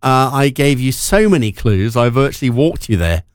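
A man's voice: mid-range voice, lively intonation, moderate pace, smooth, no echo. A man hosting a radio show in casual chat, talking loosely with fillers and restarts. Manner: chatty, lots of filler words and restarts. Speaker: radio host. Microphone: studio microphone.

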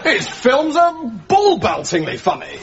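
An actor playing an excitable, naive young army officer, eager and gushing. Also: male voice, very high voice, measured pace, over a noisy crowd, heavily acted. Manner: gushing, eager, bursts into shouts. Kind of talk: sitcom acting. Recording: dull studio recording, background noise.

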